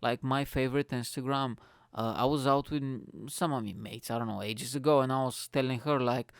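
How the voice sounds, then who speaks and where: Excitable, foul-mouthed podcast host. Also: male voice, medium pitch, moderate pace, dry recording. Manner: excitable and profane, laughs at his own jokes. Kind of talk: casual solo podcast monologue. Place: attic room at home.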